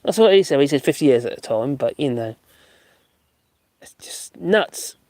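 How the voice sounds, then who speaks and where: A middle-aged man hosts a live stream, reading out viewer comments and answering them in loose, joking chat. He laughs often and slips in mocking asides. His voice sits at an ordinary pitch and sounds close and dry. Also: animated, normal speed, mellow, dry recording. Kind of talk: casual chat.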